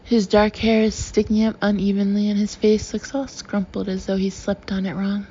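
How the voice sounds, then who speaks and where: A woman's voice: mid-range voice, monotone, normal speed, warm tone, dull audio, a little hiss or hum. A woman narrating a novel in the first person, telling it in an intimate, emotional way. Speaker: audiobook narrator.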